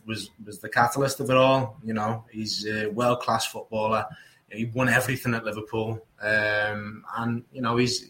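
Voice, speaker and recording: A man's voice: fairly low pitch, bright, forceful tone, a little hiss or hum, low-quality recording. A man co-hosting a podcast, chatting casually about football with many fillers and restarts. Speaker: podcast co-host.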